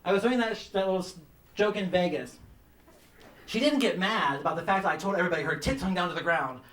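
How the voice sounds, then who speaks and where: A man doing a stand-up comedy set, telling campy stories about his mother and mimicking her in a shrill voice, with audience laughter behind him. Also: fast talker, fairly bright tone. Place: comedy club stage. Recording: roomy club sound from some distance.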